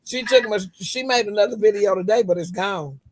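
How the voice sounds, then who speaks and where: A woman hosting a casual group chat, blunt and gossipy, spelling names out slowly. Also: medium pitch. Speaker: live-stream host reacting with friends.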